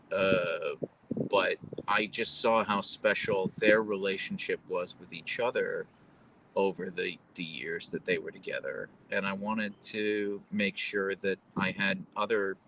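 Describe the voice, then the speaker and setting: A man's voice: low-pitched, creaky, pushed and bright, a little hiss or hum, rough recording. A man hosting a casual live stream at home, chatting in a rambling way full of fillers and restarts. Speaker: livestream host. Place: at home, with his dogs.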